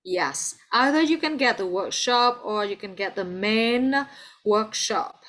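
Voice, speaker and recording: A woman's voice: on the high side, lively intonation, slow, fairly bright tone. A woman with a Vietnamese accent teaching an English class over a video call, patient and encouraging, calling on students by name.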